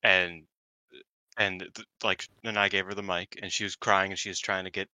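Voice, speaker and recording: A man co-hosting a podcast over an internet call, chatting excitedly and mimicking people in higher voices. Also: moderate pace, no room sound. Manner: excitable, acts out quotes in high voices. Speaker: podcast co-host. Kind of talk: casual chat. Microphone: home mic over internet call.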